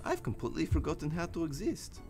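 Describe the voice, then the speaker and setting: An actor voicing a bored, sarcastic young man who makes music, complaining in a deadpan way. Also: fairly high pitch, fast talker.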